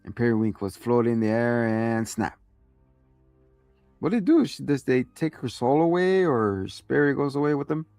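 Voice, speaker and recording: Low gravelly dude recapping an episode, rambly, swears a lot, dry close sound, faint music under. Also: male voice, moderate pace, few pauses, a little mellow, no echo. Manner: rambling and profane, acts out lines. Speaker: show host reviewing a TV episode.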